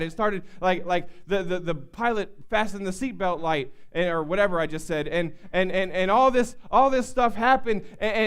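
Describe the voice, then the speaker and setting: A man's voice: high voice, a bit bright, clean tone. A male pastor preaching an emphatic sermon, repeating words as he builds up.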